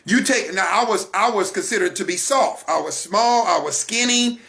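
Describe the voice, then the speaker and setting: A man's voice: high voice, normal speed, sharp tone. A man giving a Christian teaching talk, emphatic and repetitive, coaching his listeners directly. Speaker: broadcast minister.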